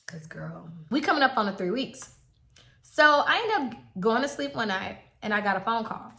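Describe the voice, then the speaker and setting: A woman's voice: on the high side, animated, brisk, fairly bright tone, slight background noise. A young woman in her twenties chatting casually as she tells a personal story, acting out what others said. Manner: chatty, quotes others in acted voices. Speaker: vlogger. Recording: echoey room.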